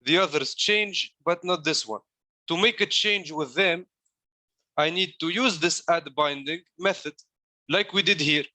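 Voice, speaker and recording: A man's voice: on the high side, unhurried, bright, forceful tone, no echo. A man coaching a class through code in a live walkthrough, explaining each step while demonstrating it. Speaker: coding coach.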